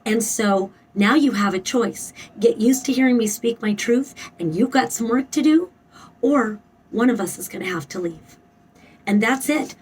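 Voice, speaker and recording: A woman's voice: on the high side, moderate pace, darkish tone, breathy edge, recorded from a distance, low-quality recording. A woman giving a spoken tarot reading, emphatic and blunt, swearing freely and repeating her phrases. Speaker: tarot reader.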